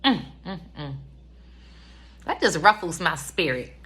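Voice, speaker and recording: Woman, 30s, casual show reviewer; bright, chatty, rambling delivery. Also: fairly low pitch, big pitch swings, measured pace. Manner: chatty, rambling with many fillers. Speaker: reality TV reviewer. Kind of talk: casual commentary.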